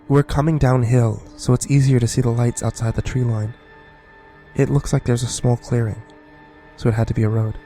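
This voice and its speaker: A man narrating a first-person horror story in a scripted, hushed delivery. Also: medium pitch, fairly even intonation, normal speed, faint music behind.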